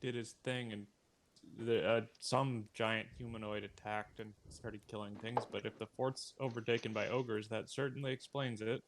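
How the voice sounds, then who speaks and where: A man's voice: lowish voice, steady tone, normal speed, a little hiss or hum. Hesitant man at a game table. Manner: hesitant, stumbles over his words. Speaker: player. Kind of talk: casual tabletop role-play.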